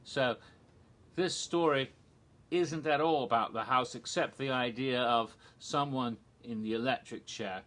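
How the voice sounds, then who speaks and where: A man's voice: mid-range voice, unhurried, a bit bright. A man casually telling theme park history on his own, rambling and digressive, with many ums and restarts. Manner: chuckles at his own jokes. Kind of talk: casual solo storytelling.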